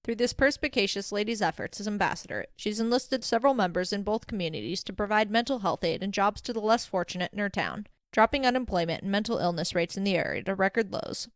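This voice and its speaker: Brief: woman playing a loud, grand gala emcee introducing a nominee. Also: medium pitch, expressive, fast talker, hardly any pauses, dry recording, close to an everyday voice. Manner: announcing, showy. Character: grand, enthusiastic awards ceremony host.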